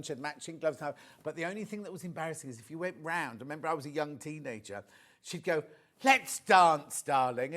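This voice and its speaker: A man, presenting live on a TV shopping channel in a chatty, storytelling way. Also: mid-range voice. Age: 60s. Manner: chatty, anecdotal, animated storyteller. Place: TV studio.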